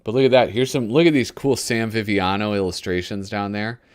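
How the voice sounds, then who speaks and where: A man's voice: on the low side, fairly even intonation, brisk, clear, resonant tone. A male host giving casual live commentary while flipping through a magazine. He rambles, gropes for names and chuckles often.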